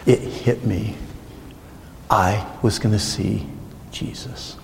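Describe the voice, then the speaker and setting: A middle-aged man preaching a sermon, telling a personal story in an earnest, emotional, halting way and ending in prayer. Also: fairly low pitch, steady tone, creaky, a little hiss or hum. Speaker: pastor. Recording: long reverb of a large hall.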